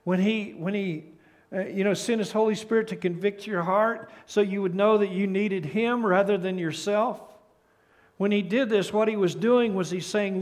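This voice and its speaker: An older man preaching a sermon as pastor, earnest, often restarting and repeating words, dropping to a soft, hushed tone at key points. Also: sits high, steady tone, moderate pace. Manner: reads a story aloud and drops to a soft, hushed tone at key points.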